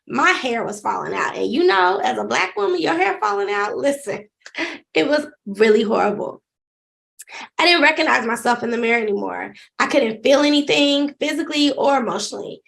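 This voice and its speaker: A woman's voice: on the high side, creaky, a bit bright. A woman life coach giving an earnest motivational talk, telling her own story and asking the listener direct questions. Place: seated.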